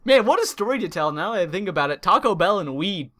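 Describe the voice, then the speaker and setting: Animated young guy telling a story. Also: high voice, fast talker. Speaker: gaming channel host. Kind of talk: storytime vlog.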